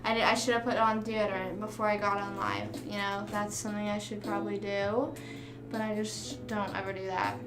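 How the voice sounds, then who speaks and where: Her voice is medium in pitch and fairly flat, and she talks briskly while gaming on a live stream. The young woman chats casually through a meandering story with quoted back-and-forth, as music plays in a roomy room.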